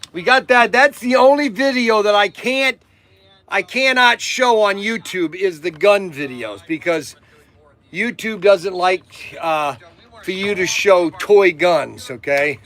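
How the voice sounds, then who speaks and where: Excitable male shop host pitching toys, high and bright. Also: slow pace. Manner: excitable salesman, hollering and laughing. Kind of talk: live-stream product pitch.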